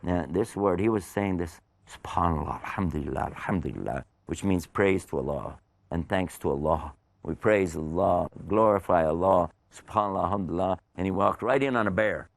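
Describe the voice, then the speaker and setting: An older man tells a religious story to young listeners, chatting with them as he goes. His voice sits very low and carries a gravelly fry. He keeps the tone folksy and asks them questions along the way. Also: moderate pace. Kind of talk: storytelling for children.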